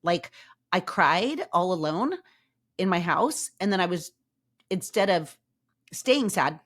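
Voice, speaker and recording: A middle-aged woman hosting a podcast, telling her own story to listeners in a lively, emphatic way and acting out what people said. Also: lowish voice, slow. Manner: lively, emphatic, acts out quoted remarks. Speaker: podcast host.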